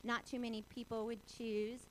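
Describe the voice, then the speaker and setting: A woman in her forties shares a personal testimony in a lively, expressive way, acting out quoted voices and laughing along the way. Her voice sits a little high. Faint noise hums behind her. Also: moderate pace, poor audio. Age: 40s.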